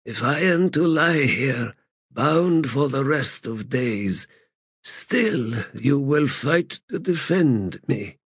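A man's voice: medium pitch, expressive, no room sound, pitched above the performer's own voice, heavily acted. A man voicing a frail, chained, broken god. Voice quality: frail, breathy. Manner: slow, pleading, halting.

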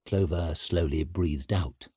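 A man narrating a gritty fantasy audiobook in a measured storytelling manner with dry wit. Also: low-pitched, warm tone, slightly rough, dry recording. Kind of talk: scripted narration.

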